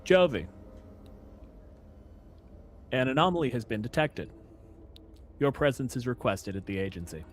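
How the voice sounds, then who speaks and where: A man voicing a dead, monotone robotic voice on a phone call in a tabletop game. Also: mid-range voice, unhurried, pauses often, faint music behind. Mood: commanding. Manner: flat, commanding.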